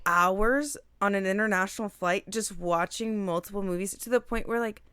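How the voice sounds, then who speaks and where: A young woman co-hosting a casual podcast chat, rambling with lots of "like" and quick agreement. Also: mid-range voice, fairly bright tone, smooth, dry recording, clean studio sound. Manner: rambling, fills talk with "like" and frequent "yes" agreement. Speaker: podcast co-host.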